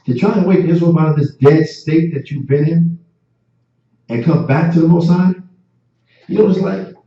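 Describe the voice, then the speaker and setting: A man's voice: on the high side, normal speed. A man teaching a class like a sermon, impassioned and repetitive, often stammering and restarting. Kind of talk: street-preaching class sermon. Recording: distant, echoey, dull lo-fi.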